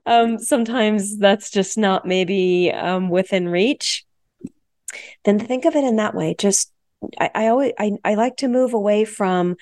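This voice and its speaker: A woman's voice: mid-range voice, moderate pace, darkish tone, dry recording. A woman co-hosting a health radio show, talking frankly and emphatically and repeating phrases for stress. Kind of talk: candid health talk.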